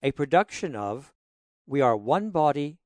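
A man announcing the closing credits of an audio drama in a plain, steady way. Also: mid-range voice, measured pace, dry recording.

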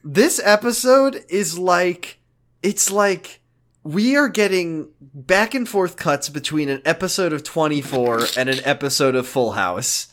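A man co-hosting a podcast in casual chat, animated and mock-dramatic, swearing freely. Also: on the high side, measured pace. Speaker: podcast co-host.

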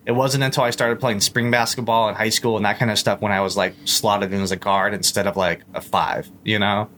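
A man's voice: fairly low pitch, little pitch movement, brisk, fairly bright tone, a little hiss or hum. A young man, a podcast guest, talking in a loose, rambling way with lots of fillers and restarts. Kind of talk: casual chat.

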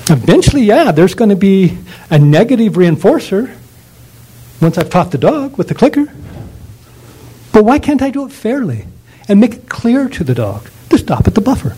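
A man's voice: high-pitched, sing-song, moderate pace, long pauses, mellow, slightly rough, poor audio. A man lecturing on dog training in an emphatic, ranting way, full of rhetorical questions.

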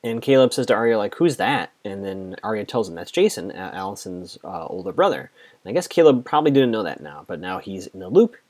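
Animated man recapping a TV episode. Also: on the low side, fairly quick. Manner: chatty, animated, quotes characters in passing. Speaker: TV recap host.

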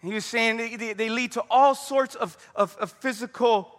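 A man's voice: extremely high pitch, moderate pace, in a large hall. A man preaching a conversational sermon, telling stories and praying aloud. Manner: conversational preaching with storytelling and prayer. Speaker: pastor.

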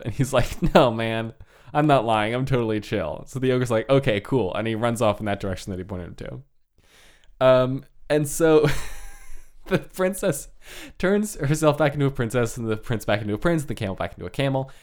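A man's voice: mid-range voice, expressive, normal speed. A man casually retelling a folk tale, joking and laughing, with lots of "like". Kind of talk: casual chat.

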